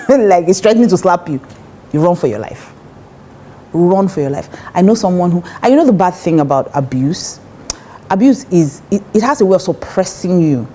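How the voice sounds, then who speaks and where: A woman's voice: on the low side, mellow, a little hiss or hum. A woman with a Nigerian accent giving relationship advice in a casual, emphatic talk, often acting out the voices of people she quotes.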